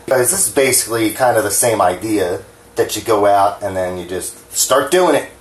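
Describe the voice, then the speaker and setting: The voice is on the low side at normal speed, with a little hiss or hum over an echoey kitchen and faint clatter. It's a New Jersey home cooking vlogger chatting loosely as he cooks, frank and foul-mouthed, mocking himself, hands trembling a bit.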